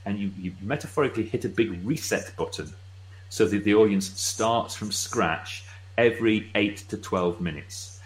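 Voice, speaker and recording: A middle-aged British man speaking as a guest expert, explaining with brisk, wry asides. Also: lowish voice, poor audio. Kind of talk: casual explanatory chat.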